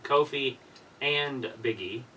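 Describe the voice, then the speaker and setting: A man's voice: medium pitch, takes it slowly, sharp tone, far from the mic, slight background noise, poor audio. A man co-hosting a casual live stream, trading dry, teasing asides with the host. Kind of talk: casual watch-along banter.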